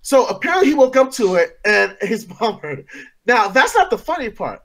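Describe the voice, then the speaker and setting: A man hosting a casual late-night chat show, talking excitedly and swearing as he tells stories. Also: very high-pitched, fairly quick. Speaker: podcast host.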